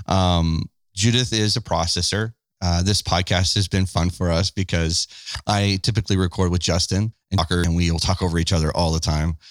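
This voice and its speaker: Low-voiced man, candid podcast chat. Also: steady tone, normal speed, no room sound, clean studio sound. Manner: candid, self-deprecating, acts out past conversations. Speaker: podcast co-host. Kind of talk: casual couple's podcast chat.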